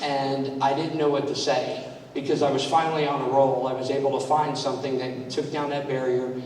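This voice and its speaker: A man's voice: medium pitch, little pitch movement, brisk, a little mellow. A man giving a conversational, anecdotal speech to an audience in a large room, telling stories and quizzing the crowd. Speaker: speaker at a club training event. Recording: echoey hall, mic far off, faint noise.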